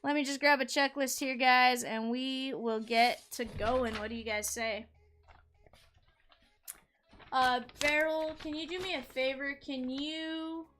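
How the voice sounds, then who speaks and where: A woman's voice: high-pitched, fairly even intonation, slow, a bit bright, a little hiss or hum. A woman hosting a live card break stream, chatty and upbeat, talking straight to her viewers.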